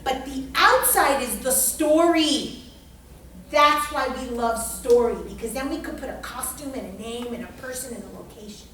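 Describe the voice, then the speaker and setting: A woman with a high voice lectures on astrology to a small class, emphatic and profane, swinging between hushed asides and near-shouts. She is picked up by a mic set far off in a very echoey room. A faint hiss runs underneath. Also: moderate pace. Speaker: astrology teacher. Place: indoor room with a group.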